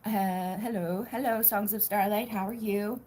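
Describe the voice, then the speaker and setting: A woman's voice: medium pitch, steady tone, normal speed, warm tone, a little hiss or hum. Chatty, giggly woman tarot livestreamer. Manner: chatty, giggly, swears casually. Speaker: tarot reader livestream host. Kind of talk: casual livestream chat. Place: home, indoors.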